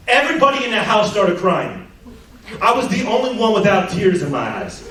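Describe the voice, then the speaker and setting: A man performing a stand-up comedy set on a theater stage, loud and animated, shouting his punchlines. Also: extremely high pitch, normal speed. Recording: echoey theater stage from far off, crowd noise.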